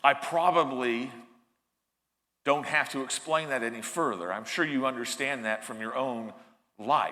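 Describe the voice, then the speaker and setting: Speaking at medium pitch with a bright, pushed tone, a male pastor preaches earnestly and emphatically in a church sanctuary, a large hall. His phrases often start over.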